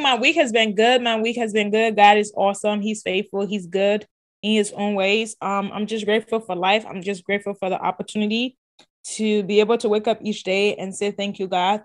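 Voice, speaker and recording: A woman hosting a casual podcast, upbeat and chatty, repeating words and talking straight to her listeners. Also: mid-range voice. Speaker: podcast host.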